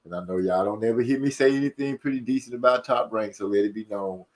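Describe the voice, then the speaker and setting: A man hosting a casual livestream, reading viewer comments aloud and rushing and stumbling over his words. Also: fairly low pitch, a little mellow. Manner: fast-talking, rushes and stumbles over words. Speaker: livestream host.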